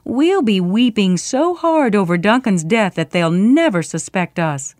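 A woman's voice: mid-range voice, animated, measured pace, no room sound, clean studio sound, natural voice. A woman doing a fierce scheming noble lady. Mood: scornful. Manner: growling, forceful, urgent.

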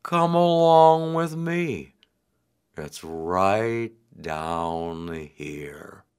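Guy doing a tired old turtle, talks super slow and drawn out, kinda different timbre. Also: low-pitched, expressive, a little mellow, smooth, pitched below the performer's own voice, full character voice. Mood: sly. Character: slow, weary, patient old male turtle.

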